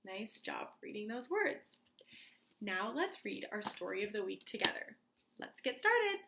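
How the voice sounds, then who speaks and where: A woman teacher speaking slowly and clearly to young children in a reading lesson, leading the class through words to repeat. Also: medium pitch, sing-song, a bit bright. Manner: slow, clear and encouraging, like a teacher to small kids.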